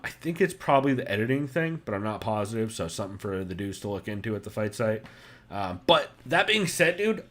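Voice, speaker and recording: Brief: male podcast host, mid pitch, rambling casual delivery, swears freely. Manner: loose and profane, many fillers.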